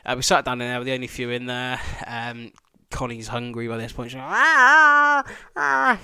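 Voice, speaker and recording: A man's voice: mid-range voice, completely flat delivery, brisk, bright, forceful tone, smooth, no echo. A man hosting a podcast, telling a rambling, sweary travel story with laughing asides. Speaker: podcast host.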